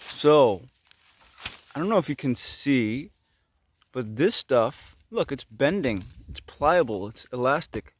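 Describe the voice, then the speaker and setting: A man from Korea vlogging as he clears his fruit garden outdoors, musing in rambling asides and talking while chewing. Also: medium pitch, very animated, slow, pauses often. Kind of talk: casual walk-and-talk vlog. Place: outdoors in an overgrown tropical garden.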